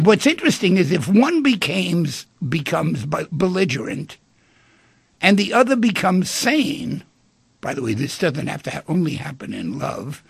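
A man's voice: fairly high pitch, creaky, slightly rough, no room sound. A man hosting a call-in radio show, speaking animatedly and acting out the dialogue in the stories he tells. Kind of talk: talk radio discussion.

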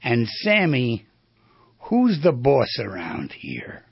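A man voicing a stern young mother who talks slowly and insists on obedience. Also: mid-range voice, huge pitch swings, gravelly, slightly rough, no echo, dull audio, exaggerated voice. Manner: slow, drawn-out, insistent. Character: stern young mother scolding her little son.

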